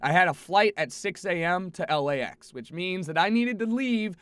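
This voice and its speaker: A young man telling a travel story to his audience in a casual, profane, animated way, jumping between exasperated outbursts and low mutters. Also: moderate pace, clean tone, dry recording. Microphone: headset.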